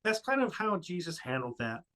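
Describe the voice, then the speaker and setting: A man's voice: sits high, sing-song, a little fast, sharp tone, rough recording. A man co-hosting a casual podcast discussion, speaking earnestly and with emphasis. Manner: earnest, emphatic about faith. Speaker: co-host.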